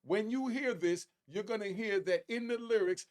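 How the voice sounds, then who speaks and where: A man hosting a casual commentary, talking straight to his viewers and climbing to emphatic highs on key points. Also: moderate pace, few pauses. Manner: animated, rising to emphatic high pitch on key points; conversational, addresses viewers directly. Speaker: commentary host.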